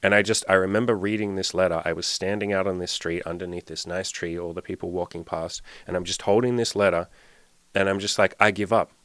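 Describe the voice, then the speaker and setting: A man's voice: sits low, fairly even intonation, fairly quick, a bit bright, dry recording. A young man hosting a candid solo podcast as a dating and self-improvement coach, talking bluntly, swearing often and repeating himself for emphasis.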